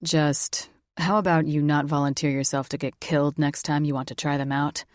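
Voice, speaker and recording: Woman voicing a cocky young guy, low and teasing, dry read. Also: level tone, normal speed, dry recording, close to an everyday voice. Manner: cocky, teasing, loud laugh. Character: cocky, grinning young man, affectionate.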